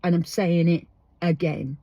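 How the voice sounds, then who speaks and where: A woman's voice: lowish voice, fairly even intonation, unhurried, dry recording, highs cut off. A woman hosting a podcast, ranting about a parking ticket, swearing freely and firing off rhetorical questions, recorded inside a parked van. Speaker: podcast host. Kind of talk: casual ranting monologue.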